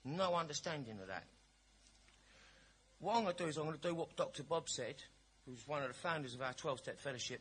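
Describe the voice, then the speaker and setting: A faint hiss runs under this recording of a man sharing his own recovery story at a meeting. His voice is bright, forceful and average in pitch, and he recounts things bluntly, chattily, with a cheeky sense of humour.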